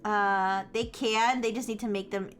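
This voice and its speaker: A woman's voice: mid-range voice, steady tone, unhurried, fairly bright tone, soft background music. A young woman chatting casually on a live stream, rambling with many restarts and frequent laughter.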